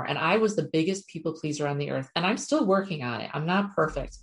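A middle-aged woman with a notably low, deep voice talks straight to her viewers. She is chatty and frank, drops the odd swear word, and sounds like an animal communicator sharing spiritual advice. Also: expressive, fast talker. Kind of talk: casual spiritual talk to viewers.

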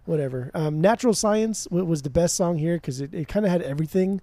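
Blunt, profane man with a mellow voice. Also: a little high, quick pace, no room sound. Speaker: podcast co-host. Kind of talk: casual chat.

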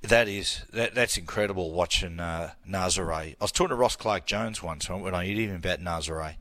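A middle-aged Australian man co-hosting casual sports radio, telling animated stories and acting out the people he quotes. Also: sits low, a little fast. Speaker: radio co-host.

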